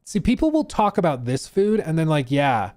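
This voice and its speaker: Lively chatty male streamer. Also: on the high side, moderate pace, no room sound. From Colorado. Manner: chatty, reads chat aloud, explains and jokes. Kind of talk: casual live-stream chat.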